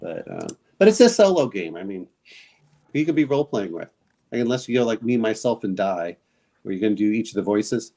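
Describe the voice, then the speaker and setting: A man's voice: fairly low pitch, big pitch swings, a little fast, gravelly, dark tone. A man in a casual online chat, cracking dry jokes and stumbling through restarts. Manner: dry joking, stammering restarts.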